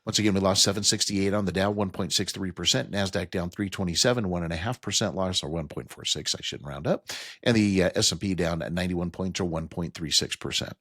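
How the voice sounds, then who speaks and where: A man's voice: sits low, brisk, fairly bright tone, no room sound, studio quality. A man hosting a financial talk radio show, stressing key figures and explaining the numbers plainly to his listeners. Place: radio studio.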